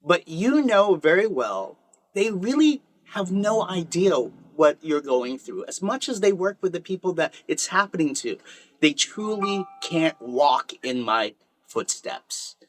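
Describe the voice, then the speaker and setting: A man telling his own story in an emotional podcast conversation, expressive and halting, laughing often and tearful. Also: high-pitched. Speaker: guest.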